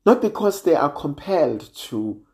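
A man preaching a sermon in a slow, measured way, sometimes dropping almost to a hush for emphasis. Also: a little high, big pitch swings, husky. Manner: slow and measured, drops to near-quiet emphasis.

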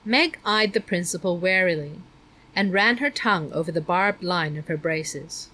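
A woman narrating a children's novel in a measured, even storytelling manner. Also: on the low side, poor audio. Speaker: audiobook narrator.

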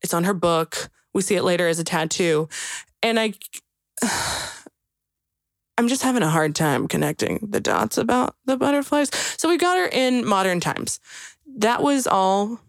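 A woman recapping a movie in casual chat, talking in an animated way with lots of "like" and restarts. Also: medium pitch, unhurried, long pauses, dry recording, studio quality. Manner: chatty, animated, many likes and restarts. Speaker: podcast co-host recapping a film.

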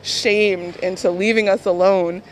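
A woman telling an anecdote in an animated way, acting out what people said. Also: medium pitch, unhurried, a little hiss or hum, rough recording. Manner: animated storyteller, quotes people vividly. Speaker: interviewee. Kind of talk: lively anecdote.

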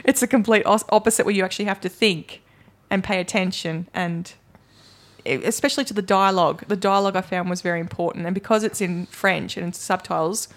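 Australian woman, podcast co-host, mid pitch, good-humoured and chatty. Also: steady tone. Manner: good-humoured, quick to laugh. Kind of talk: casual chat.

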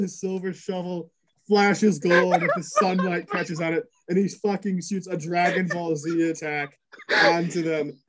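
A man running a tabletop game, slightly higher-voiced than most men. He narrates the chaos in bursts, swearing freely and padding the pauses with ums and uhs. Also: a little hiss or hum, poor audio. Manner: rapid, crude narration full of fillers. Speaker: game master.

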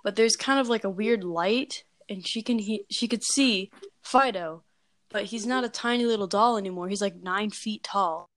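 A woman's voice: mid-range voice, normal speed, a bit bright. Rambling young woman telling a scary story. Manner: rambling, filler-heavy, valley-girl phrasing.

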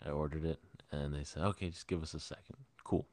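Man, very low voice, dry close sound, casual podcast storytelling, swears a lot. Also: fast, dry recording. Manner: profane, animated retelling with quoted voices. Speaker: podcast co-host. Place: podcast studio.

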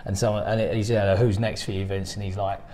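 A man co-hosting a podcast, telling rambling, animated stories in casual chat with many restarts. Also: fairly low pitch, quick pace. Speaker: podcast co-host.

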